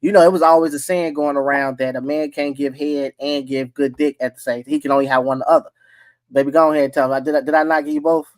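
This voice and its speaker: A man in his thirties hosting a podcast, telling loud, profane, animated stories in casual chat. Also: a little high, fast talker, dry recording. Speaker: podcast host.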